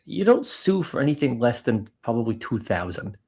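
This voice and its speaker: A man co-hosting a comedy podcast, tossing in deadpan jokes during casual chat. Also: medium pitch, moderate pace, husky. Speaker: podcast co-host.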